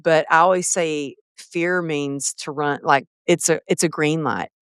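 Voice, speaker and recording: A middle-aged woman hosts the interview in a chatty way, sharing her own stories. Her voice is smooth and clear, and the sound is dry and close, with no room echo. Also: low-pitched, steady tone, unhurried. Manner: chatty, shares personal anecdotes. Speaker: podcast host. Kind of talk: conversational interview.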